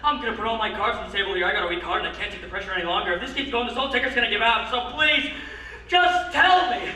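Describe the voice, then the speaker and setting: An actor playing a frantic, anxious producer with a blustery, exasperated manner. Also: male voice, high-pitched, very fast, pushed and bright. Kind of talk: stage musical performance. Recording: echoey stage from far off.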